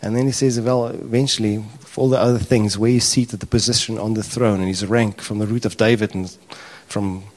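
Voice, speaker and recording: A man preaching a sermon, talking casually to his congregation and building to impassioned, near-shouted questions. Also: lowish voice, steady tone, brisk, few pauses. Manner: conversational asides to the congregation.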